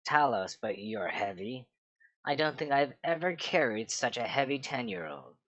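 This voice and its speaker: A man's voice: medium pitch, animated, moderate pace, fairly bright tone, no echo, muffled recording, natural voice. A man voicing a haughty scheming queen. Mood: imperious. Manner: haughty, cutting. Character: scheming proud queen mother, imperious.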